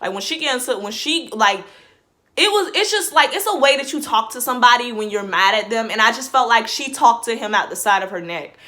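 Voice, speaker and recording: A woman talks to her viewers in a loose, chatty vlog commentary. Her voice sits a little high and has a sharp, bright ring. She puts "like" into nearly every phrase and keeps starting over. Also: expressive, brisk. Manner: chatty, fills every phrase with "like", restarts sentences. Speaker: vlogger. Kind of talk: casual reaction commentary.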